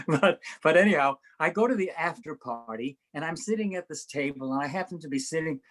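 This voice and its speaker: An older man recounting stories from his years touring on stage, laughing often as he goes. He acts out the other people's lines in his own tale, which gives the telling plenty of swing. It sounds like a relaxed, chatty interview. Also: a little high, moderate pace, low-quality recording. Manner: animated storyteller, laughs often, acts out voices. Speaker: interview guest. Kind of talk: anecdotal storytelling.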